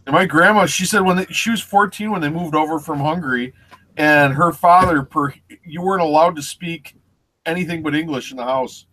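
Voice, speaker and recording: A man's voice: on the high side, a little fast, bright, forceful tone, low-quality recording. A man co-hosting a casual live chat show, telling stories and going off on history tangents. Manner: storytelling, chatty history tangents. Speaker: co-host.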